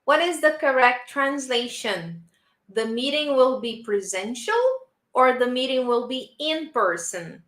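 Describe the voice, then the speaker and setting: Slow, patient woman English teacher. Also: sits high, very animated, fairly bright tone. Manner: patient, repeats model sentences for the class. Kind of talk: live online English lesson. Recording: roomy echo.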